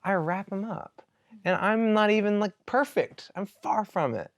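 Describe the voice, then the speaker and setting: A man, a worship pastor, teaching in a casual, animated storytelling way and retelling scripture stories with everyday fillers. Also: sits high, a little slow, dry recording.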